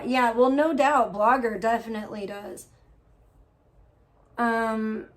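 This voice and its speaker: Woman, livestreamer, higher-pitched, profane, gossipy, ranting casually. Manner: profane, gossipy, venting about other streamers.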